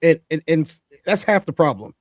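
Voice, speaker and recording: A man's voice: fairly high pitch, big pitch swings, moderate pace, no room sound, studio quality. Preachy, emphatic male talk-show host. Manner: emphatic and preachy, repeats his points for effect. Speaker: podcast co-host. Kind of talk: opinionated talk-show commentary.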